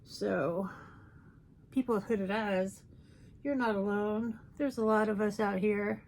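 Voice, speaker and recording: Slow-talking, playful woman makeup vlogger. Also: mid-range voice, fairly even intonation, darkish tone. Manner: chatty, playful and self-mocking. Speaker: makeup YouTuber. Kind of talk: casual makeup tutorial chat.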